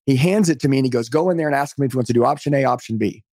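A man's voice: medium pitch, rapid-fire, darkish tone, no room sound, clean studio sound. A middle-aged man telling his story as a podcast guest on a call, emphatic and motivational. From United States. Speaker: podcast guest, sales trainer. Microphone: remote call.

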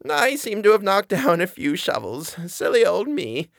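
A stout old woman with a high, quavering voice, sweet and a little strange, the way a man does her within a story. Her words come with a gentle wobble. The sound is dry and close. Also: sing-song, moderate pace, gravelly, no room sound, full character voice. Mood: sweet, doddering.

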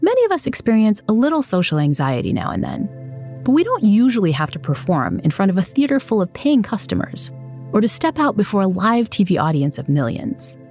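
A woman reading a scripted show introduction in a smooth storytelling manner. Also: medium pitch, huge pitch swings, fairly quick, a little mellow. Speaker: show announcer. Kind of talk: scripted narration. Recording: studio voice-over with faint music.

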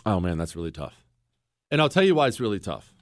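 A male talk show host with a lively, swinging delivery, tossing off sarcastic jokes and teasing his producer. His voice is dry and close, recorded on a studio microphone with no room around it. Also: fairly low pitch, fast talker, dry recording. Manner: sarcastic, joking banter with producer. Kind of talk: talk radio monologue.

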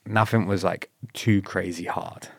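A man recounts his past in a relaxed interview, swearing freely and laughing as he acts out the people he quotes. His voice sits on the low side. The sound is dry and close to the mic. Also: unhurried, vocal fry, no room sound. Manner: laughs often, swears, quotes others in retold dialogue. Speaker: guest. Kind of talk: casual interview storytelling.

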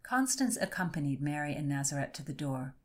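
A woman narrating an audiobook with expressive storytelling. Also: low voice, a little fast.

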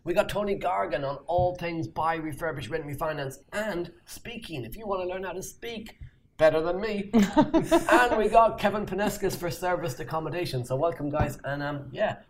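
A man's voice: high-pitched, moderate pace, slight background noise, poor audio. A man hosting a casual property panel, introducing guests with jokes. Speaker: host.

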